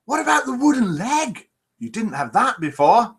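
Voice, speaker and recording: A man reading out a joke who voices a friendly adult bartender, asking questions in a high, incredulous tone. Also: sing-song, moderate pace, slightly rough, full character voice.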